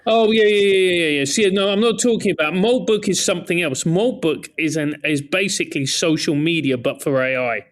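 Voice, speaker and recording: Teasing man with a higher voice. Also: fairly quick, hardly any pauses. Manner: teasing, mock-indignant banter. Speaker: podcast guest. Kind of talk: casual comedic chat.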